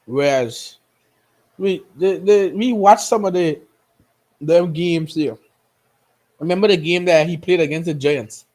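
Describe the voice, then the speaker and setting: A man's voice: fairly high pitch, measured pace, pauses often, a little mellow. A man co-hosting a casual football talk stream, rattling off player names and stats. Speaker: co-host.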